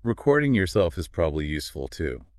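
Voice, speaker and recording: Deep voiced guy co-hosting an english lesson chat, keeps prompting the next point, dry sound. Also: very animated, fast, no echo. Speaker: co-host. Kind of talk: scripted two-host explainer on learning English.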